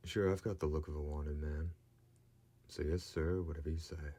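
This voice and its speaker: A man's voice: a bass voice, fairly even intonation, normal speed, mellow, slightly rough. A man voicing a wry male vampire hunter who talks in a laid-back, dry drawl.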